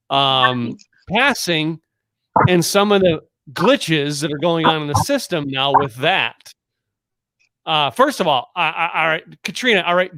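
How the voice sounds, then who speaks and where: Bright-voiced man co-hosting a business podcast. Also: on the high side. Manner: halting, repeats words and restarts. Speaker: podcast co-host. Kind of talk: casual business talk.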